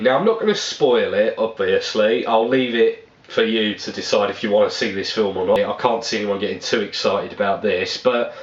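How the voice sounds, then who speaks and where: Male reviewer, plainspoken and profane, mid-pitched, recorded in an echoey room. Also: highs cut off. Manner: rambling, blunt, swears freely. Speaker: movie reviewer. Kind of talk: casual spoken review.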